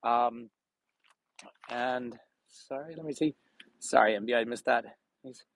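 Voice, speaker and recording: Speaking a little slowly in a mid-range voice, this travel guide leads a live walking tour by a frozen bay. The dry, low-quality audio comes from a gimbal-mounted phone, and he's chatty, laughs often and names his viewers as he greets them.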